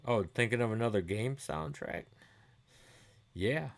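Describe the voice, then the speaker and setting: A man's voice: medium pitch, animated, unhurried, creaky. A middle-aged man hosting a livestream, chatting loosely with viewers, swearing freely and laughing easily. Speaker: livestream host. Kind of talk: casual chat answering viewer comments.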